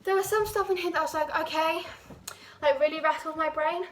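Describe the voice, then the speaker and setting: A woman's voice: very high voice, steady tone, fairly quick. A teenage girl from England chatting casually to her vlog camera, rambling with lots of "like". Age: teens. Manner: chatty, rambling, heavy use of "like". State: out of breath. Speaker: vlogger.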